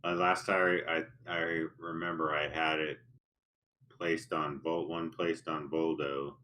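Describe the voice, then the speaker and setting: A man with a very low voice plays a tabletop role-playing game. His tone is bright, and he speaks haltingly, full of fillers and restarts. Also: little pitch movement. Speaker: player.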